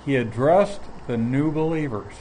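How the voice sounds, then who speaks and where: A man teaching from the Bible in a measured, explanatory way, often pausing mid-phrase. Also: mid-range voice, mellow, slight background noise, poor audio. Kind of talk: sermon.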